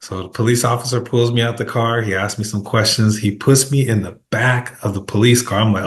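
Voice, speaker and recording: A man hosting a casual interview podcast, telling a story in an animated way and acting out the quotes. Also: on the low side, a little fast, few pauses. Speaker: podcast host. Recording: echoey room.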